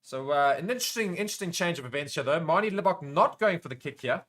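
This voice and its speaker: A South African man hosting a live rugby watchalong, chatting casually with viewers and breaking into excited play-by-play during big moments. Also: on the high side, fast talker. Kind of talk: casual live commentary while reading chat comments.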